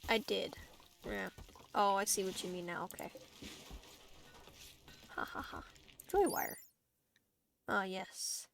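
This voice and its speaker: A woman's voice: medium pitch, fairly even intonation, slow pace, creaky, pauses often, fairly bright tone, a little hiss or hum. A woman streaming a game, chatting casually to her viewers, giggly and talkative as she plays. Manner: chatty, giggly, talks to herself and chat while playing. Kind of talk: casual gameplay livestream chat.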